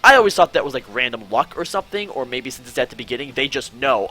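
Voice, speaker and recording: On a call with faint music behind, a man hosts a casual online show, chatting and telling stories fast in a mid-range voice with hardly any pauses. He's animated, swears, and rambles with frequent restarts.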